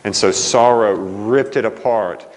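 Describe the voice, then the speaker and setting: Middle-aged pastor, fairly low voice, tells stories from the pulpit in a reverberant hall. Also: male voice, a little slow. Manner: animated storyteller, quotes family dialogue. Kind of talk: sermon storytelling. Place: church sanctuary. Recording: long church reverb.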